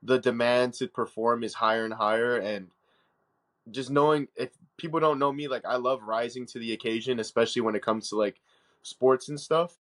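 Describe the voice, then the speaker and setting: A man's voice: medium pitch, steady tone, normal speed, fairly bright tone. A young man calling in by phone to a podcast, earnest and grateful, rambling a bit. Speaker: podcast guest, powerlifter. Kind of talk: casual chat. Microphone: phone call.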